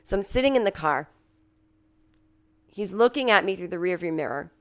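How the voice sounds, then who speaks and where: A sick woman hosting a podcast from home, telling a story in a casual monologue, coughing and clearing her throat, and acting out the people she quotes. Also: fairly low pitch, normal speed. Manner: animated, acts out quoted people in a raised voice. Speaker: podcast host.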